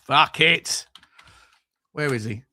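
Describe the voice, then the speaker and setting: A man's voice: medium pitch, slow, pushed and bright. A man hosting a fan live stream, reading out super chats in a rambling, sweary way that keeps going off on tangents. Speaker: fan channel host.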